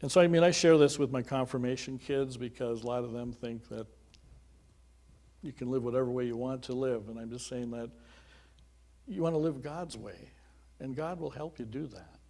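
A man's voice: mid-range voice, moderate pace, mellow. A middle-aged man preaching a sermon, telling his own story in an earnest, conversational way with small chuckling asides. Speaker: pastor. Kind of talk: sermon with personal testimony.

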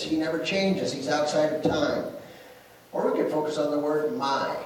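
A man's voice: a little high, darkish tone. A man preaching a sermon as pastor, telling folksy stories and making emphatic declarations. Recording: echoey room from far off with faint noise.

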